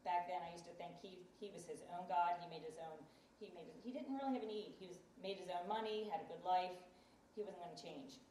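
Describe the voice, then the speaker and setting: A woman's voice: fairly low pitch, a little fast, mellow, reverberant, far from the mic, a little hiss or hum, low-quality recording. A woman casually telling a personal story, chatty and acting out what others said. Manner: chatty, acts out quoted voices. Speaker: guest telling her faith story.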